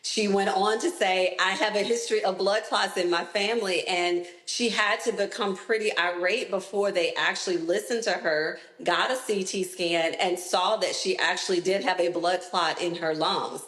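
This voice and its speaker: A woman interviewed as a health expert, answering in a clear, deliberate, explanatory way. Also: lowish voice, steady tone, fairly bright tone, roomy sound.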